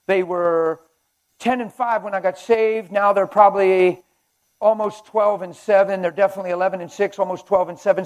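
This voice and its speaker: Guy preaching at a men's conference, kinda high voice, passionate, gets loud then real quiet. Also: poor audio. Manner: passionate, swings from loud to hushed. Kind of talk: sermon with storytelling. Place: conference hall.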